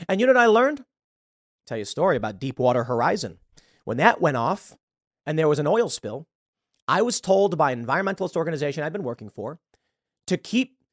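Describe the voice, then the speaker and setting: Man, political commentary host, blunt, emphatic, slightly high-pitched, dry close sound. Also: no room sound. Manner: blunt, conversational, emphatic riffs. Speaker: show host.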